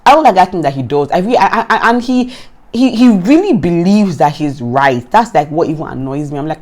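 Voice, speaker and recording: This Nigerian vlogger has a lowish voice and talks a little fast as she recaps a reality show. She's casual and animated, often exasperated, and tends to repeat herself.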